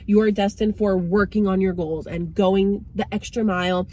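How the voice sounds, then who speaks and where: A woman's voice: medium pitch, fairly even intonation, normal speed, warm tone. A young woman talking casually and frankly to her viewers as a vlogger, with lots of "like" and "right?". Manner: chatty, frank, repeats "like" and "right?". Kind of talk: casual motivational talk to camera.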